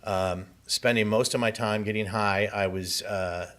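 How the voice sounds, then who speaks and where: A man's voice: lowish voice, steady tone, unhurried, fairly bright tone. A man from Southern California telling his personal story as a conference speaker, with vivid, earnest first-person storytelling. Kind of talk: personal testimony speech. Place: conference hall.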